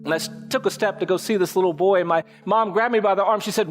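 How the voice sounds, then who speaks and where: A lawyer telling a personal story in a public speech, with measured, repetitive rhythmic phrasing. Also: male voice, high voice. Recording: echoey hall with faint music.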